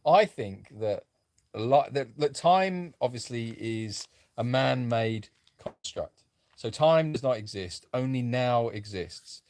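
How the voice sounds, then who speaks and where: A man's voice: mid-range voice, lively intonation, slow, darkish tone. A man co-hosting a casual live chat, musing aloud and rambling. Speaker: sanctuary co-host.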